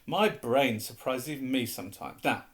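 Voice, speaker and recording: A man's voice: mid-range voice, normal speed, lightly acted. A man voicing a whimsical old male wizard headmaster, dreamy and playful.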